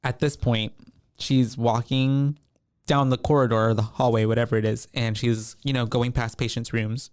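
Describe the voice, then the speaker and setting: A man talks through a film's plot in a loose, rambling podcast chat, full of fillers. His voice is smooth and clear, at a middle pitch. The sound is dry and close. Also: normal speed, no room sound. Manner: relaxed, rambling, many fillers. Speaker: podcast co-host. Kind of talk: casual film recap chat.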